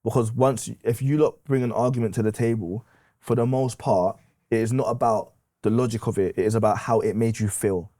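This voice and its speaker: A man's voice: fairly low pitch, fairly even intonation, brisk, dark tone. A man in his thirties with a London accent, a podcast guest giving blunt, opinionated views in casual slang. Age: 30s. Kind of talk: candid podcast conversation.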